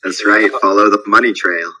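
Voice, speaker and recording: Male guest in a voice chat, low-pitched and very bright, relaxed and agreeable. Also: moderate pace, slightly rough, poor audio. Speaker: guest speaker. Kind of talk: casual group voice chat.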